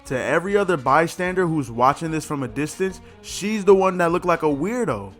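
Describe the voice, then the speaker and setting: A man's voice: fairly high pitch, animated, fairly quick, a bit bright, faint music behind. A man hosting a reaction video, talking in a blunt, mocking, slangy way. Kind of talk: casual reaction commentary.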